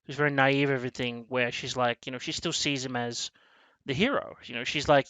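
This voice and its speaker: A man hosting a casual movie review chat, animated and swearing freely as he acts out scenes. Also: medium pitch, fairly quick, smooth, no echo, low-quality recording. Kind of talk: casual film discussion.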